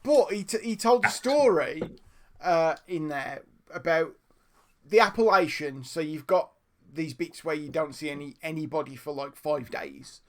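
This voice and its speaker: A man and podcast co-host, telling a story in an animated, laughing way during a casual live chat. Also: fairly high pitch, measured pace. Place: home room, streamed live.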